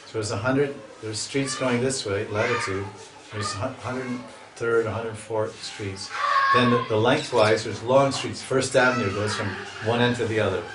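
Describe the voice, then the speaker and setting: A man's voice: medium pitch, steady tone, normal speed, very noisy. A man giving a scripture lecture as a swami, chatty and storytelling, often restarting his sentences. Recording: echoey hall, mic at a distance.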